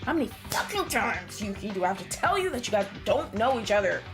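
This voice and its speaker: Over background game music, a woman streamer reads a visual novel aloud and chats casually, sarcastic and swearing freely. Her mid-range voice is very animated and fast.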